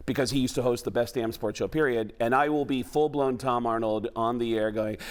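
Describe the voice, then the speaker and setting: A man from New York, a talk-show guest impressionist, telling stories in animated casual chat and breaking into voices. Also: medium pitch, fairly quick, hardly any pauses.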